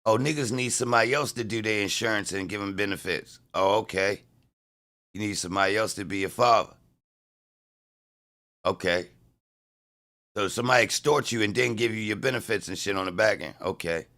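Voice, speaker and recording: A man's voice: fairly low pitch, fairly quick, pauses often, bright, forceful tone. A man, trash-talking and mocking his chat viewers during a casual livestream rant.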